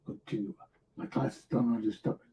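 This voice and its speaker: A man hosting a talk show, giving animated political commentary full of rhetorical questions and mimicked voices. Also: sits high, moderate pace, a little hiss or hum, rough recording. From Liberia.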